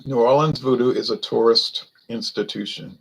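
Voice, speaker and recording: Gravelly-voiced man reviewing beer. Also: medium pitch, fairly even intonation, normal speed, low-quality recording. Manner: wry, rambling, self-correcting, talks to viewers. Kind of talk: casual solo livestream chat.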